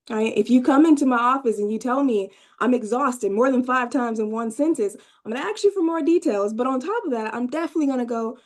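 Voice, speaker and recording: A woman presenting a mental health workshop to a room and a video call, talking conversationally, asking the audience questions and often checking in with "right?". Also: a little mellow. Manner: acts out clients' inner voices with rising pitch. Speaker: workshop presenter, therapist trainee.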